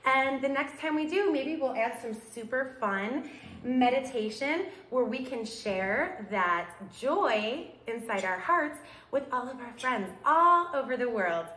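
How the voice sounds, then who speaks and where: A woman's voice: sits high, lively intonation, a little slow, pushed and bright, echoey room. A woman leading a children's yoga class, coaching the kids in an upbeat, sing-song way.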